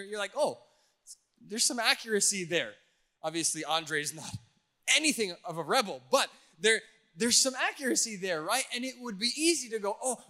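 A man's voice: high voice, bright, forceful tone. A male pastor giving a playful sermon, teasing his audience before reading scripture. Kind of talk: playful sermon to a youth crowd.

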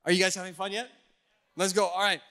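Young youth pastor guy, playful sermon, high bright voice, lots of energy. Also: fast talker. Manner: playful, energetic, engaging the crowd. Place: church.

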